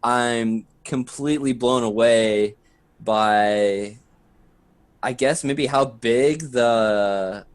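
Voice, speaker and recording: A man speaking as a podcast guest in relaxed chat, hesitant and pausing as he searches for words. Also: medium pitch, clean tone. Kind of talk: casual conversation.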